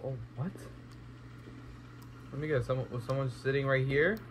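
A man's voice: mid-range voice, steady tone, moderate pace, a little hiss or hum, poor audio. A young man commentating a horror game let's play, talking to himself and exclaiming at scares. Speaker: gaming YouTuber.

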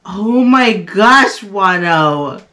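A woman's voice: medium pitch, lively intonation, extremely slow, fairly bright tone, a little hiss or hum. A young woman hosting a fan reaction video, gushing and squealing, slipping in Spanish phrases. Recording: music playing behind her voice.

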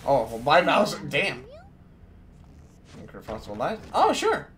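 A man streaming, reacting to funny videos with friends in casual chat, excitable, swearing and laughing a lot. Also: medium pitch, measured pace, soft background music.

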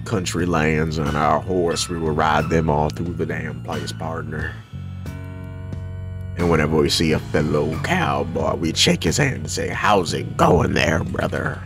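A man's voice: extremely low pitch, gravelly, full character voice. A man voicing a folksy, talkative male cowboy in a put-on American country accent. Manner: drawling, folksy, jokey.

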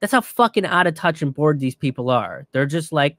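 A man's voice: fairly high pitch, animated, brisk, few pauses, a bit bright, dry recording, studio quality. Profane man ranting. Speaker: commentator. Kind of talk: casual commentary rant.

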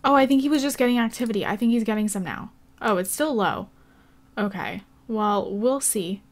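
A woman's voice: fairly high pitch, moderate pace. Bubbly giggly young woman gamer. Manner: bubbly and chatty, gasps and giggles, many fillers like "like" and "oh my God". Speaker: gaming channel host. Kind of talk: casual gameplay commentary.

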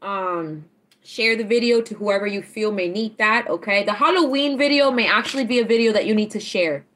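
A woman, chatting casually on a tarot livestream, teasing and animated, laughing often as she reads out chat. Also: mid-range voice, fairly quick.

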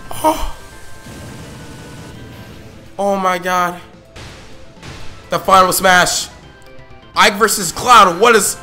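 A hoarse young man reacting live on his channel, excitable, shouting and swearing as he comments. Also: high voice, extremely slow, pauses often, soft background music. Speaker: video host reacting live.

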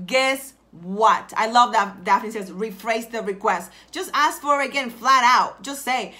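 A woman's voice: on the high side, normal speed, few pauses, bright, forceful tone. A woman life coach giving a motivational livestream talk, greeting viewers by name and driving points home by repeating phrases in a preachy, emphatic way. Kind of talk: live-streamed motivational talk.

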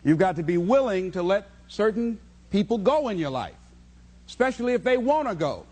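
A man's voice: high-pitched, very animated, normal speed, a little mellow, slight background noise. A man giving a motivational speech in a preachy, rhythmic way, repeating key phrases. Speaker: motivational speaker.

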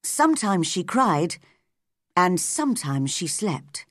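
A woman narrating a story slowly and clearly for English learners. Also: lowish voice, very animated, dry recording, clean studio sound. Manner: clear, deliberate.

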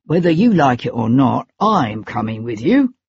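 A narrator voicing an anxious, fussy male magistrate with a high, strained voice, on a dull lo-fi recording. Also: big pitch swings, normal speed, darkish tone, slightly rough, no echo, full character voice. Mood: insistent.

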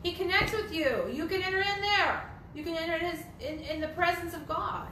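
A woman leads a Bible study in an echoey room, her very high voice a little fast, pushed and bright, with a little hiss or hum underneath. She's emphatic, repeating phrases and asking rhetorical questions.

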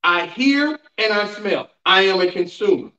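A man pastor with a high voice, sharp tone, and lively intonation teaches a Bible class at a measured pace. In the church sanctuary he preaches emphatically, using call-and-response and rhetorical questions with the congregation, and the distant mic makes it sound roomy and dull.

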